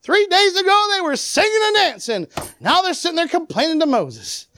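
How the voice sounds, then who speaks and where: A preacher giving an animated sermon, acting out the people in the story and swinging between loud and quiet. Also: very high voice, normal speed, a little hiss or hum. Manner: animated, acts out the people it quotes.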